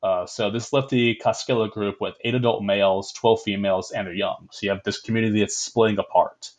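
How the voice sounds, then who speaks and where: Rambling, laughing young podcast host. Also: male voice, lowish voice, steady tone, fairly quick. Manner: rambling, laughs often, swears casually. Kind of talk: casual history podcast chat.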